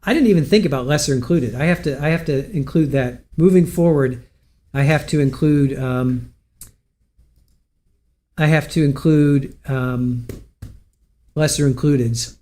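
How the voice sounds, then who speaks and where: A man with a fairly high voice signs off a livestream in loose, friendly chat. He rambles and corrects himself as he goes, talking close to a desk mic. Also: a little slow, pauses often, dark tone. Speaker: livestream host. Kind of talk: casual livestream sign-off chat.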